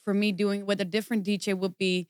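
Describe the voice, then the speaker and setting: A woman guest vocalist chatting casually on a podcast, halting and self-deprecating, often restarting her sentences. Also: medium pitch, little pitch movement, darkish tone, clear, resonant tone, dry recording, studio quality.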